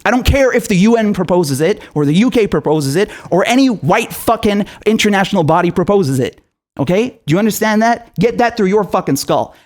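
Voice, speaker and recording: Commentator, male, high voice, furious and sweary, sarcastic rant. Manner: furious, profane, sarcastic, repeats himself; mocking mimicry in asides. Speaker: political commentator. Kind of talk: angry political rant to camera.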